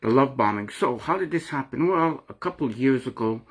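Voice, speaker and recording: A middle-aged man talks to camera in a personal, confessional vlog, giving an earnest, emotional, rambling account of his own experience. He often repeats and restarts phrases, and his mid-range voice is animated with a breathy edge at normal speed.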